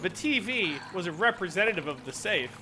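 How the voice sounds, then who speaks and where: A man's voice: sits high, big pitch swings, a little fast, sharp tone, a little hiss or hum. Rambling, laughing streamer man. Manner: rambling, swearing, laughing a lot. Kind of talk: casual let's-play chat.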